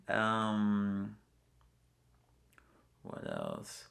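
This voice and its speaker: A man's voice: lowish voice, wildly swooping pitch, extremely slow, vocal fry, pauses often, fairly bright tone. An American man talking casually in an interview, rambling and filling his speech with "like" all the time. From United States. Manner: rambling, fills with "like" constantly. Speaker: interviewee, traveler.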